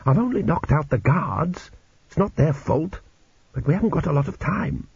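A man's voice: on the high side, animated, normal speed, vocal fry, darkish tone, slightly rough, dry recording, voice pushed up, exaggerated voice. A man reading an audiobook voices a young male rescuer who talks with dry, wry understatement. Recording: dull lo-fi audiobook recording.

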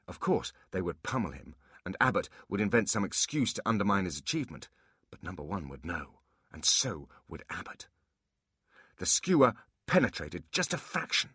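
A man narrating a fantasy audiobook with expressive storytelling. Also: on the low side, slightly rough, dry recording, studio quality.

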